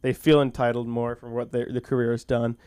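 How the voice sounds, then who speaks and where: A man working a small comedy school stage at an open mic, rambling through his set with stops and restarts. His voice comes across smooth and clean, close and dry on a handheld mic. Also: medium pitch, level tone, darkish tone, no echo. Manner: rambling, halting, with frequent restarts; self-deprecating and goofy. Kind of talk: stand-up comedy and recited monologue at an open mic.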